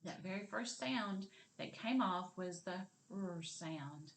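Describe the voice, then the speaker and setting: With a medium-pitched, expressive voice and a little hiss or hum in the audio, a woman slowly leads a kindergarten literacy lesson. She encourages the children patiently, drawing out each sound and word she models.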